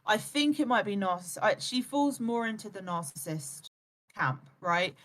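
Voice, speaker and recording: A woman's voice: mid-range voice, expressive, normal speed, a bit bright. A woman streaming live, lecturing bluntly and swearing freely, and mimicking other people's words as she goes. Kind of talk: heated live-stream chat.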